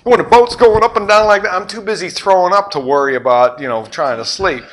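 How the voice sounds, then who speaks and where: A middle-aged man preaching a sermon, telling the story with great animation, jumping between loud exclamations and quiet asides. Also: high voice, a little fast. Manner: animated storytelling, acting out voices and sound effects. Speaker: pastor.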